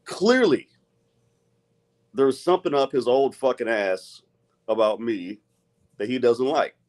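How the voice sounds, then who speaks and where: A man's voice: medium pitch, expressive, slow, darkish tone. A middle-aged man, an arm wrestler, speaking bluntly and with a lot of swearing in a heated live-stream rant. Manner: profane, blunt and agitated.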